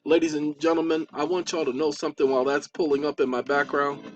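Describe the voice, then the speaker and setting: Man, high voice, chatty host talking viewers through documents, soft music under him. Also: little pitch movement, fast, lo-fi sound. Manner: chatty, repeats for emphasis, talks while typing. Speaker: channel host. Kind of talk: casual lecture to viewers.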